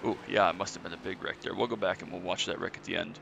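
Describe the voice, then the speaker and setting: A man's voice: sits low, steady tone, quick pace, gravelly, a bit bright, slight background noise. A man giving casual, chatty commentary on his own sim race, a little out of breath. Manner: chatty, filler-heavy, self-correcting. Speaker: sim racing streamer.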